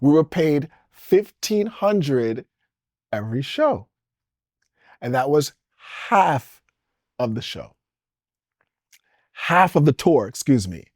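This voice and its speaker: A man's voice: a little high, very animated, takes it slowly, pauses often, a little mellow, no room sound, clean studio sound. A man in his forties, originally from the Caribbean, talking as an interview guest in a loose, rambling way that jumps between topics and is broken up by chuckles. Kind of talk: casual storytelling interview.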